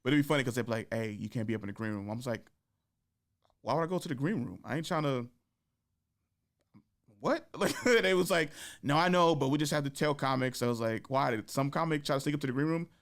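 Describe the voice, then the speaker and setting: A male comedian hosting his own show, with a smooth, clear voice. He tells stories animatedly, slipping into the voices of the people he quotes. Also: medium pitch, quick pace. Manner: animated, acts out quoted voices, laughs often. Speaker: podcast host and stand-up comedian. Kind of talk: casual storytelling chat.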